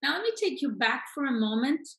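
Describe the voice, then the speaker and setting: A woman's voice: high-pitched, sing-song, fairly quick, vocal fry, fairly bright tone. A woman teaching how to handle sales objections in an emphatic, repetitive coaching style, checking in with her listeners as she goes. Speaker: sales trainer. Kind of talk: coaching lesson. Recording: roomy echo.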